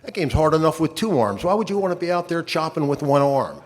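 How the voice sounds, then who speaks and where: A friendly, blunt man in his seventies who has lost an arm, as a man puts him on in a raised voice. He talks straight and brisk, nudging someone toward getting back on his feet. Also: on the high side, big pitch swings, pitched above the performer's own voice. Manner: brisk, straight-talking, encouraging. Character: friendly older male amputee volunteer, blunt.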